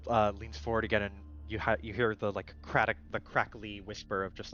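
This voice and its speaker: A man's voice: on the low side, little pitch movement, normal speed, hardly any pauses, fairly bright tone. Rambling male game master, lo-fi. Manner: rambling, filler-heavy, restarts. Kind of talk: narrating a tabletop game.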